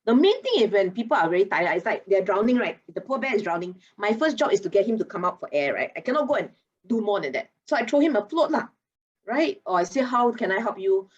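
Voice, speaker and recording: A woman talks through a video call and drops casual particles into her sentences. Her voice is a little husky, and the audio sounds dull and muffled. She speaks in an animated, playful way, teasing her listeners as she teaches. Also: medium pitch, quick pace. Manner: animated, chatty, teasing, with local particles like lah. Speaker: guest speaker on mental wellness. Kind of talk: lively expert talk in an online masterclass.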